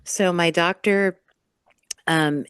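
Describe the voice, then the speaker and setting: Slow-talking, giggly woman on a podcast. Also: fairly low pitch, steady tone, fairly bright tone, clear, resonant tone, no room sound, clean studio sound. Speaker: podcast guest. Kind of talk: casual chat.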